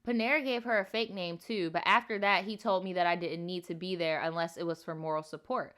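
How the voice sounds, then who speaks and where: A woman's voice: fairly low pitch, fairly even intonation, fairly quick, a bit bright. A woman hosting a casual livestream storytime, reading viewer stories and adding sassy, profane, slang-filled commentary.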